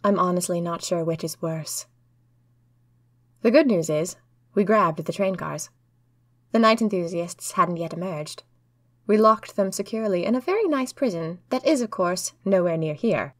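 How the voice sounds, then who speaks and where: A woman's voice: lowish voice, expressive, normal speed, no echo, studio quality. Woman narrating an earnest diary tale. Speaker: storyteller. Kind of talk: first-person diary narration.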